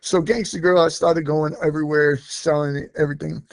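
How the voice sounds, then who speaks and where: Animated storytelling man, slightly high voice. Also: fairly quick, gravelly, dry recording, studio quality. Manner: animated, laughing, full of restarts and quoted voices. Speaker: rapper guest. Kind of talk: casual storytelling in an interview.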